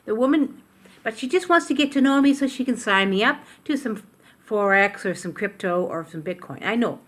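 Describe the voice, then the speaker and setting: A woman's voice: a little high, animated, moderate pace, fairly bright tone. An older woman from Canada chatting to camera from her kitchen, rambling and interrupting herself as she talks, recorded on a tablet. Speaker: vlogger. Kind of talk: casual chat to camera. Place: home kitchen.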